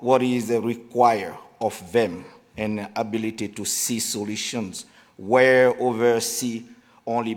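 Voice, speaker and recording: A man with a French accent presenting an award at a luncheon. He reads his speech haltingly, with restarts, and jokes at his own expense. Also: medium pitch. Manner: halting reading with restarts, self-deprecating. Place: large banquet hall at a luncheon. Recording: hall reverb in a banquet room.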